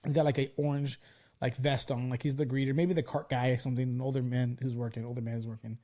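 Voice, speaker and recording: A man's voice: mid-range voice, flat delivery, quick pace, warm tone. A man in his forties hosting a casual podcast, telling stories animatedly and swearing freely. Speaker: podcast host. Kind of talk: casual chat.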